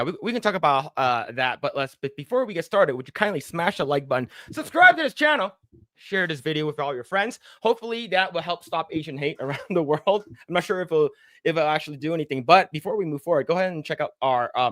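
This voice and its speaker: A man's voice: a little high, lively intonation, quick pace, a bit bright, dry recording, studio quality. A man hosting a casual podcast in a laid-back way with lots of fillers, plugging merch and sponsors. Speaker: podcast host.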